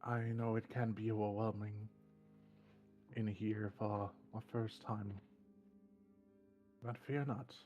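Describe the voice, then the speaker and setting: A man playing a calm male tattoo artist who talks in a slow, gentle, reassuring way. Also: on the low side, dull audio, soft background music.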